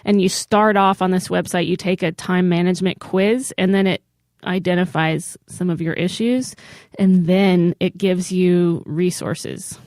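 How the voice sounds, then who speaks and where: A woman's voice: fairly low pitch, fairly even intonation, measured pace, a little mellow, no echo, clean studio sound. A woman co-hosting a comedy podcast, teasing and giggly in casual chat.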